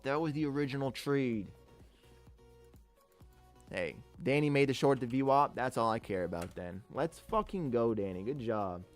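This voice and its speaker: A man's voice: medium pitch, moderate pace. Cursing young man streaming his trades. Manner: excitable, swears often, talks to chat. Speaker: livestreaming day trader. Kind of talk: live trading stream commentary. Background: faint music.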